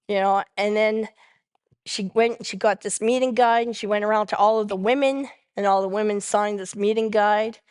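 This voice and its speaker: A woman's voice: mid-range voice, smooth, dry recording, clean studio sound. A woman giving a personal recovery testimony as the main speaker at a convention, telling her story vividly and acting out the dialogue. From Canada. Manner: animated storyteller who acts out quoted dialogue.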